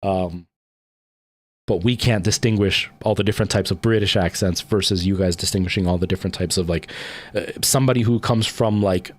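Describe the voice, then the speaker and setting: A man's voice: sits low, a little fast. A man with a Canadian accent, chatting casually with live-stream viewers and rambling along with plenty of "like" and "um". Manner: rambling, with frequent "like" and "um".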